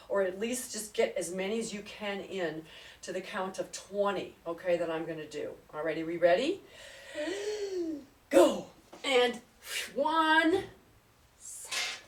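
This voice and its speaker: A woman fitness trainer leading an exercise class, chatty and upbeat, counting reps aloud and getting out of breath. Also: fairly high pitch. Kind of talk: live exercise class instruction. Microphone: camera at a distance. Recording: echoey room, voice far from mic.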